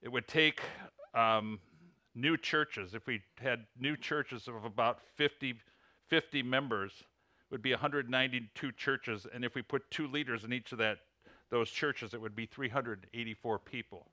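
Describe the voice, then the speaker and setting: Forceful Illinois man preaching in church. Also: mid-range voice, moderate pace, dry recording. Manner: earnest, reads lists and figures aloud. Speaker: ministry coach, guest preacher. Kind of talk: sermon. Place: church sanctuary.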